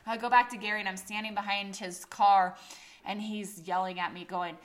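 Woman podcast co-host; casual storyteller, profane, gets loud when quoting people. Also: mid-range voice, normal speed. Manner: animated, swearing often, acts out quotes loudly.

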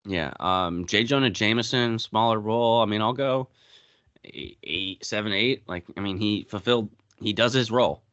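A very low-voiced man hosts a podcast in a relaxed, casual way, leading the talk and handing questions to his guest. His voice sounds dry and close, with a dull, lo-fi tone. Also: normal speed, dry recording. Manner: laid-back, leads the segment and hands off questions. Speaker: podcast host. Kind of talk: casual chat.

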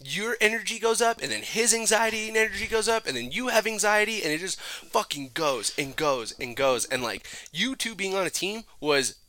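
A man's voice: high voice, expressive, moderate pace, hardly any pauses, bright, forceful tone. A young man co-hosting a casual chat, telling stories with lots of swearing and "like" fillers, and mimicking voices. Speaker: podcast co-host.

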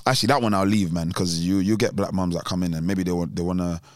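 Animated young man telling a story. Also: low-pitched, fast, dry recording, clean studio sound. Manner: animated, acts out other people's voices. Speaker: podcast co-host. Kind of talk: casual storytelling chat.

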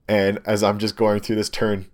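Casual storyteller: young guy, lowish voice, animated and rambling with lots of filler words. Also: moderate pace. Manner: rambling, animated storytelling with many ums and likes. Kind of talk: casual chat, telling a story.

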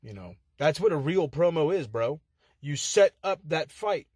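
Raspy, high-voiced man trash-talking a rival in a wrestling promo, heated and profane; dead-dry car recording. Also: expressive, unhurried, a little mellow, dry recording. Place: inside a car.

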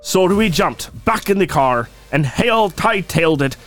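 A man's voice: high-pitched, expressive, unhurried, faint music behind. A man putting on a lilting Irish storyteller. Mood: storytelling. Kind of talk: reading a listener story aloud in a put-on accent.

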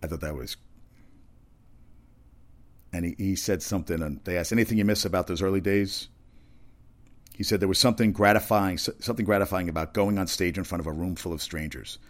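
A man's voice: sits low, brisk. A man talks casually as a host. He rambles from one topic to the next, with restarts and asides along the way. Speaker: talk show host.

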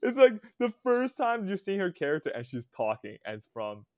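A man's voice: sits high, wildly swooping pitch, fairly quick, darkish tone, no room sound, clean studio sound. A man co-hosting a movie podcast, rambling through stories with many restarts. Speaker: podcast co-host. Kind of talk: casual chat.

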